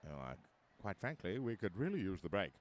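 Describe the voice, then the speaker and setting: A man's voice: low-pitched, sing-song, a little fast. A man giving live roller derby commentary, chatty and full of joking asides.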